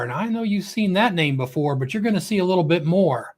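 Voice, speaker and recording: A man's voice: high-pitched, expressive, fairly quick. A middle-aged man hosting a casual livestream, chatty and goofy, greeting viewers by name with a lift in his voice. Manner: joking and goofy. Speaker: livestream host.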